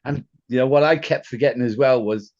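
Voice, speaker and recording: A man's voice: medium pitch, fairly quick, darkish tone, highs cut off. A man co-hosting a casual football podcast, hesitant and chuckling, with many fillers. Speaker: podcast co-host.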